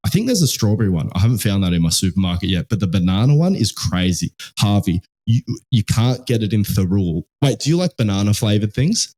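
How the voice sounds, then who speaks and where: A man's voice: on the low side, big pitch swings, a little fast, few pauses, mellow. A young man with an Australian accent hosting a podcast, telling rambling stories in casual chat and swearing constantly. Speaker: podcast host.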